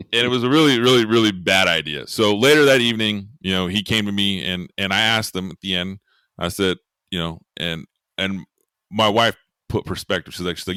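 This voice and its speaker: A man's voice: low voice, brisk, pushed and bright, clear, resonant tone, no echo, clean studio sound. A middle-aged man, a podcast guest, earnestly telling a personal story and repeating words as he thinks. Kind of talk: candid storytelling.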